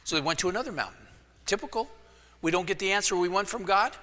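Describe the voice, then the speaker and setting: Male pastor, casual joking sermon style, bright voice, long church reverb. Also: sits high, fast. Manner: casual storytelling with jokes. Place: church sanctuary. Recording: echoey church hall.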